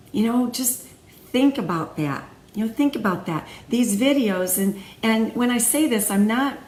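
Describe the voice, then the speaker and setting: A woman's voice: medium pitch, a little mellow, a little hiss or hum. A woman hosting a faith-based video series, talking casually with many fillers and restarts. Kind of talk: casual spoken devotional talk. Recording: echoey room, faint ambience.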